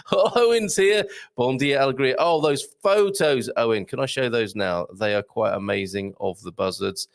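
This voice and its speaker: A man's voice: mid-range voice, normal speed, creaky, few pauses, no room sound, studio quality. A man hosting a live online morning show, reading out viewer comments in a jokey, playful way and laughing often.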